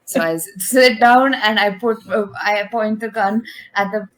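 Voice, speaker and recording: A woman's voice: mid-range voice, steady tone, a little slow, a bit bright. A woman playing a tabletop role-playing game, talking casually and playfully. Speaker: player.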